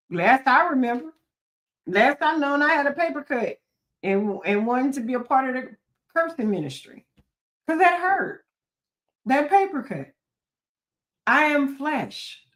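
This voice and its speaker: A woman therapist talking to her listeners in a preachy, folksy way, with repeated phrases, joking asides and many rhetorical questions. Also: fairly high pitch. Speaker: therapist and podcast host. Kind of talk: solo talk to listeners.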